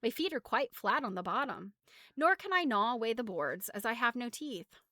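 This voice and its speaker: A woman voicing a big, boastful but gentle male storybook beast who talks in a proud, earnest way. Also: fairly high pitch, animated, moderate pace, dry recording, clean studio sound.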